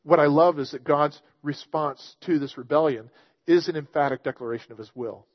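A man preaching a sermon in a fairly high voice, earnest and emphatic as he reads scripture and explains it. The sound is dry and a little dull. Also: a little fast, no echo. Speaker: pastor.

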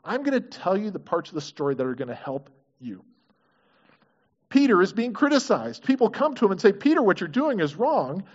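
Speaking briskly in a high register with big swings in pitch, a pastor preaches and asks his congregation questions, sounding earnest and engaged. It's a dull lo-fi recording.

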